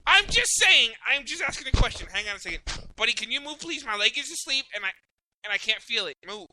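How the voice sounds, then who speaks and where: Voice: mid-range voice, very animated, fast, bright, forceful tone, a little hiss or hum, rough recording. A podcast host ranting in casual profane chat, rambling and apologizing as they go. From Mexican heritage.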